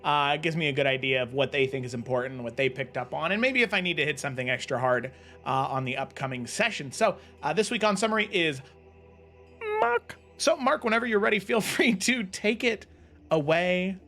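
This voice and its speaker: A man's voice: fairly high pitch, animated, a little fast, pushed and bright, faint music behind. A man hosting a tabletop game stream as game master, teasing and laughing in casual banter.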